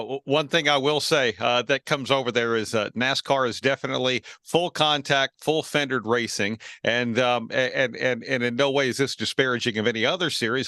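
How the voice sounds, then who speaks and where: A man's voice: mid-range voice, sharp tone, no echo, clean studio sound. A man hosting an interview, asking enthusiastic, rambling questions. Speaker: interview host.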